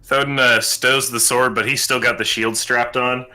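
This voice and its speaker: A man with a very bright, sharp voice, chatting as a player in a tabletop game. He is excitable and cusses freely, often jumping in with quick reactions. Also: mid-range voice. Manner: excitable, swears casually.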